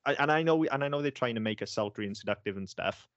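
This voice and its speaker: A man, co-hosting a casual podcast about films, talks in an animated way, swears and laughs often. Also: mid-range voice, rapid-fire, no room sound, muffled recording. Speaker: podcast co-host. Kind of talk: casual film review chat.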